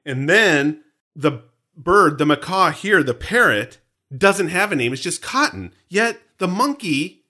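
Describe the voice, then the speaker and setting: A man's voice: fairly high pitch, sing-song, a little slow, bright, forceful tone. A man co-hosting a podcast in casual, jokey chat, often laughing. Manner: chatty, jokey, frequent laughter. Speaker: podcast co-host.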